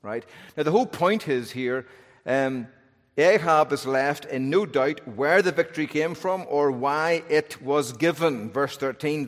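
A man's voice: on the high side, unhurried. A man preaching an expository sermon, telling the story with wry humor and shifting emphasis. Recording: long hall reverb.

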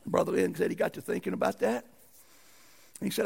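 A man's voice: sits high, fairly even intonation, fast talker, creaky, a little mellow, husky. A man preaching a sermon, telling stories in a folksy way and rising into emphatic outbursts. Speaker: pastor.

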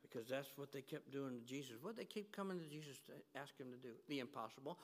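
A man preaching an emphatic sermon in a church, swinging between hushed and loud. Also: mid-range voice, animated, fast, few pauses. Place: church sanctuary. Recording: long hall reverb.

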